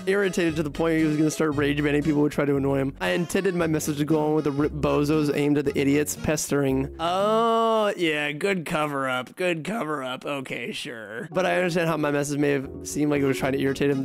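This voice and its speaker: A man's voice: a little high, vocal fry. A man streaming live, reading ban appeals aloud in casual chat, swearing and joking as he gets tipsy. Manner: swearing, joking, quick to laugh. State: getting tipsy from drinking. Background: music playing.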